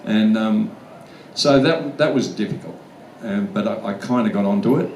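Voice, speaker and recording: A man's voice: on the low side, normal speed, darkish tone. Blunt, swearing Australian man, echoey hall. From Australian outback. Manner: blunt, swears freely, laughs often. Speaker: guest actor at fan convention Q&A. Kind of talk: casual storytelling Q&A answers. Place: large convention hall. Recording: echoey hall, from far off, faint room noise.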